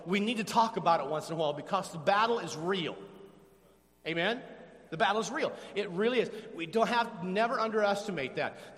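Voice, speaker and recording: A man pastor preaching a sermon to his congregation, animated, calling for responses from the church. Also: high voice. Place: church sanctuary. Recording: long hall reverb.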